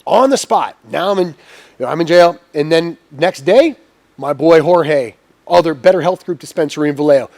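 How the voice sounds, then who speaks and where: Profane, fast-telling middle-aged man. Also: fairly high pitch, creaky. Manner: profane, animated, acts out quotes. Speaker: podcast guest, entrepreneur. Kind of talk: casual storytelling.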